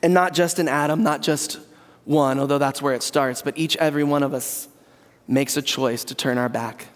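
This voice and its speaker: A man's voice: mid-range voice, fairly even intonation, moderate pace, in a large hall. A man preaching a sermon as pastor, earnest and conversational with asides to the congregation. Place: church sanctuary.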